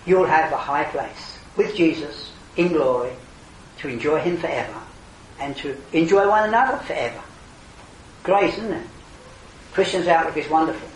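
An older man delivers an evangelistic sermon with a slightly high voice. He is earnest, surging into emphatic exclamations and then sinking back to quiet tones. The recording is roomy and distant, with a faint ambient hiss behind him. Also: animated, moderate pace. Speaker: preacher.

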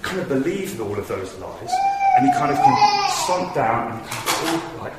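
A man's voice: mid-range voice, huge pitch swings, normal speed. A man giving an earnest, conversational sermon in a church hall, telling stories with animation. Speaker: preacher. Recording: echoey hall from far off with noise.

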